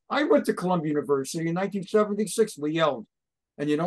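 A man, a rabbi speaking as a guest on an interview show, fiery and ranting, often rising to near shouts. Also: a little high, very fast. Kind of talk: impassioned talk show interview.

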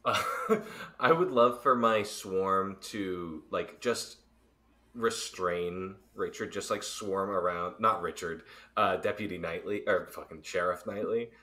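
A player in a tabletop game, talking in a lively, scheming way and laughing often. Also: low voice, slow pace.

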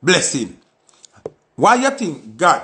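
A man's voice: on the high side, wildly swooping pitch, slow pace, pushed and bright. A man with a Jamaican accent delivering an impassioned, pleading monologue with lots of repetition. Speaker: artist giving commentary.

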